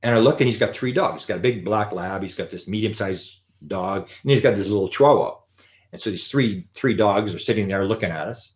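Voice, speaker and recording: A man telling an anecdote in a live talk, animated and acting out the quotes. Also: fairly low pitch, a little fast. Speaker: lecturer on UFOs.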